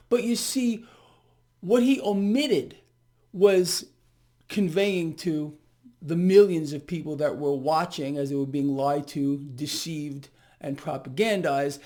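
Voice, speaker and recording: Emphatic high-voiced man. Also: a little mellow. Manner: emphatic, sarcastic, with lots of fillers. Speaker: market commentator. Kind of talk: direct-to-camera market commentary.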